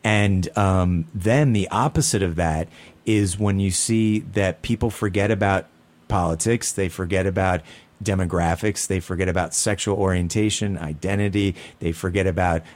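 A man's voice: deep voice, moderate pace, a little mellow. A man co-hosting a talk show, speaking casually and earnestly, often rambling and restarting his sentences. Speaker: podcast co-host. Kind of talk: casual conversation.

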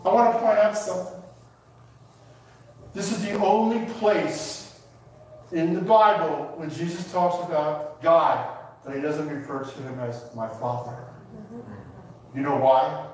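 Emotional preacher, echoey hall. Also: male voice, fairly high pitch, unhurried, pauses often, a little mellow, recorded from a distance, a little hiss or hum. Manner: emotional, preaching with rising emphatic repetition. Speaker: pastor. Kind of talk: sermon. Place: church sanctuary.

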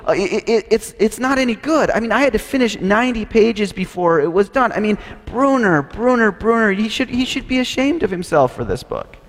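A man's voice: a little fast, few pauses, long reverb tail, lightly acted. A man voicing a young male pastor and theologian who is indignant and sputters with exasperation. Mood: exasperated. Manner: heated, sputtering, raised pitch.

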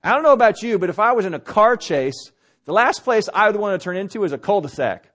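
Male preacher, sermon, storytelling, casual fillers, emphatic builds, a bit high-pitched. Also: sing-song, quick pace, fairly bright tone. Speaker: pastor.

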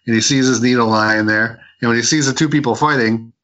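A man's voice: medium pitch, a little fast, sharp tone, muffled recording. Rambling man retelling a comic. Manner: rambling retelling with many restarts. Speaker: podcast co-host. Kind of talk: casual comic book review chat.

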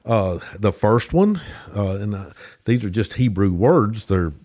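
Deep-voiced Southern man explaining. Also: expressive, measured pace, warm tone. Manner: explanatory, frequent restarts and fillers. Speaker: guest. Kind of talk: casual theological discussion.

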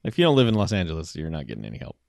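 A man's voice: extremely low pitch, huge pitch swings, very fast, gravelly, darkish tone, no room sound. A man co-hosting a podcast, talking loosely and rambling with lots of filler words. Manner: loose, rambling with many likes. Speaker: podcast co-host. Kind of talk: casual chat.

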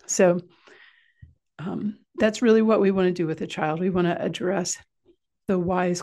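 Calm, low, gravelly-voiced woman teaching. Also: measured pace, long pauses. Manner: calm, explanatory, coaching. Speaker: parenting speaker. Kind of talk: informal instructional talk.

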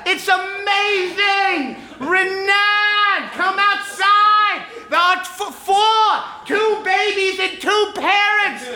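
A man putting on his mother's voice, a shrill, loud older woman yelling excitedly from outside. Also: a little hiss or hum, exaggerated voice. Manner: shouting from outside, drawn-out calls. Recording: echoey club with crowd laughter.

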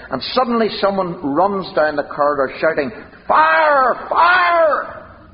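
Male preacher, high and lively voice, impassioned sermon delivery, dull recording in a reverberant hall. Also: slight background noise. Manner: impassioned, rhetorical questions, dramatic emphasis.

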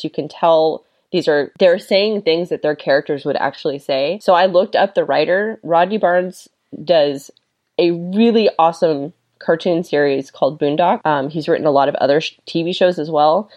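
A woman with a low-pitched voice talks casually on a podcast about a comic she read. She sounds enthusiastic, laughing often and acting out the characters' lines. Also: moderate pace, dull audio. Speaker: podcast co-host reviewing comics. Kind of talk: casual chat.

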